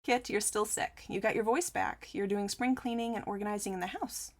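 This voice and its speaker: This woman talks fairly quickly in a mid-range voice with fairly even intonation. Chatting casually during her live crochet stream, she reads out messages from viewers and responds, laughing frequently along the way.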